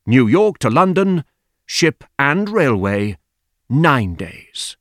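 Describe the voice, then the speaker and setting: A man reading the part of a keen gentleman, listing things with eager emphasis. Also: mid-range voice, very animated, slow, no room sound, studio quality, voice pushed up. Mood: eager, emphatic. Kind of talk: audiobook character reading.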